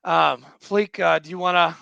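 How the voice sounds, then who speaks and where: A man hosting a podcast, chatting casually in a joking, excitable way. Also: high-pitched, moderate pace, gravelly, clear, resonant tone, no room sound, dull audio. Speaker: podcast host. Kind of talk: casual interview chat.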